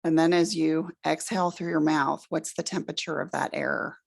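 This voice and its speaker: A middle-aged woman leading a room through a guided relaxation exercise, giving slow, soothing instructions. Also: low-pitched, fairly even intonation, gravelly. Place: presentation room with an audience.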